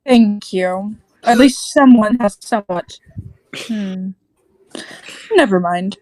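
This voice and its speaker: A woman's voice: mid-range voice, takes it slowly, a little mellow, no room sound, natural voice, poor audio. A woman voicing an icy, menacing female mechanoid officer in a tabletop game, curt and threatening. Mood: cold.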